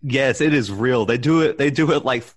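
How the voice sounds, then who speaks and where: A young man, a podcast co-host in casual sports chat, talking in animated, worked-up rants at a desk microphone. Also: medium pitch, normal speed, no echo. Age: young adult. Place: home setup, rolling desk chair.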